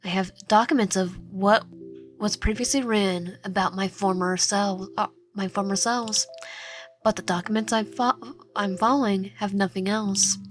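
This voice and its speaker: A woman reading the lines of a drunk, despairing young male god in a slightly lower, hushed voice that keeps slipping into whispers. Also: close to an everyday voice. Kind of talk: reading a game character's lines aloud.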